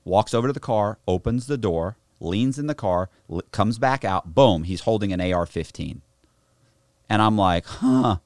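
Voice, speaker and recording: A man telling a story to a podcast host, animated and full of slang and restarts, in a studio. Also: on the low side, normal speed, no echo. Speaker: podcast guest. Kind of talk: casual storytelling.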